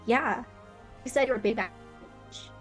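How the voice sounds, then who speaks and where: A woman's voice: fairly high pitch, normal speed, soft background music. A woman playing a tabletop game, speaking in character in a playful, teasing way. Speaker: player.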